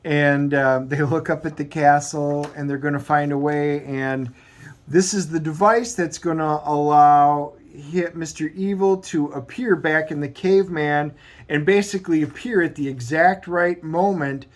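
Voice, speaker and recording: A man with a somewhat high voice hosts a comic book review show. He recaps the plot casually, rambling along and often restarting his sentences. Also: unhurried. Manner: rambling, loose retelling with frequent restarts.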